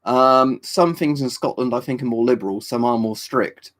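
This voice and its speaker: Speaking at normal speed with a medium pitch and fairly bright tone, a UK man runs a livestream and responds to viewers' questions. The talk is casual and rambling, thick with fillers and tag questions.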